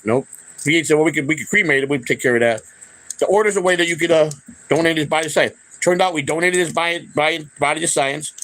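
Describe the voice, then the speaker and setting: A man's voice: a little high, fairly bright tone, rough recording. A middle-aged man from Chicago, the host of his own channel, tells personal stories off the cuff, cursing freely and often restarting his sentences. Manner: rambling, profane, with frequent restarts. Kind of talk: unscripted personal storytelling.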